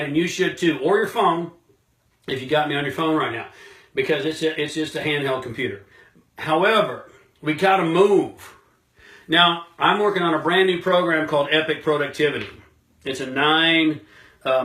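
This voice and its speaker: A man's voice: fairly high pitch, pushed and bright, reverberant. A man giving a motivational self-help talk straight to his viewers, emphatic and punchy, with lots of repetition and rhetorical questions.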